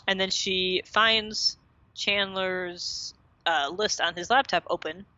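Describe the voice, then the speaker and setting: A woman's voice: medium pitch, fairly even intonation, slow pace, pushed and bright, no room sound, lo-fi sound. A woman casually recapping a TV episode as a podcast co-host, chatty and full of fillers.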